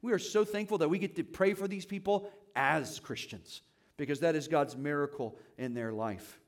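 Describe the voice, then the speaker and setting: A man's voice: a little high, normal speed. A man preaching a sermon in a church, talking to the congregation in a conversational way and asking them questions. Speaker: pastor.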